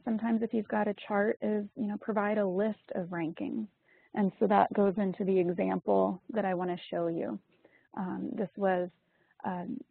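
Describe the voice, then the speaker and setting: Woman giving a webinar lesson, raspy gravelly voice, lots of ums, sounds like a phone line. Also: mid-range voice, no room sound. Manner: explanatory, frequent ums and you-knows. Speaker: webinar presenter. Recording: tinny phone-like line, dry.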